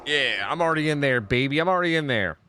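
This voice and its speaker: Male streamer, lively pitch, salty rambling chat over faint music. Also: fast talker, clean tone. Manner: swears a lot, rambling, thanks subscribers. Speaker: livestreamer. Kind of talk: casual livestream chat.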